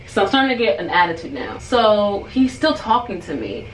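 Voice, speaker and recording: A woman's voice: mid-range voice, animated, a little slow. A young woman vlogger casually telling a story while doing her hair, rambling and peppering her talk with "like". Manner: chatty, rambling, full of "like". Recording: roomy room with faint noise.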